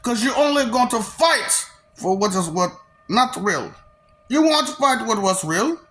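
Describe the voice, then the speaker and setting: A woman's voice: on the high side, expressive, unhurried, a bit bright. A woman delivering a confrontational monologue in a taunting, mocking, preachy way.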